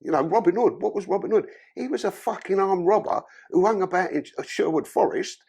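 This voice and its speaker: A man's voice: high-pitched, fairly quick, vocal fry, darkish tone, husky. A man from London with a London accent, a podcast guest telling his life story in blunt, profane, casual talk.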